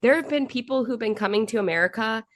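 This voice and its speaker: A woman with a Texan accent chatting as a podcast guest, animated and gossipy, quick to laugh. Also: fairly high pitch, no echo, studio quality. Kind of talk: casual chat.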